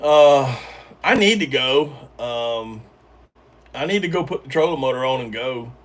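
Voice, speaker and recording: A man's voice: medium pitch, lively intonation, unhurried, recorded from a distance. A man hosting a casual livestream, rambling with lots of ums and restarts while chatting with viewers. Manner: rambling, hesitant, full of ums and repeated starts. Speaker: livestream host reading chat. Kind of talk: casual live-stream chat.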